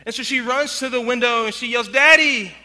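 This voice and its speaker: A man preaches a sermon in an earnest voice that sits high and rings very bright. He slows and drops to near-quiet for emphasis. The sound carries a long reverb from a large hall. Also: flat delivery. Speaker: pastor.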